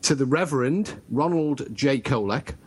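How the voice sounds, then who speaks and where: A man co-hosting a radio show, joking and teasing his co-host with quick asides. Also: medium pitch, lively intonation, slightly rough. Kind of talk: casual radio banter.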